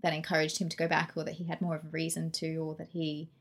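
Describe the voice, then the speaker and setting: An animated, chatty woman talks through a film in a relaxed conversation. Her voice sits a little low for a woman. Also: fast, creaky. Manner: animated, chatty, laughs often. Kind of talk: casual film review chat.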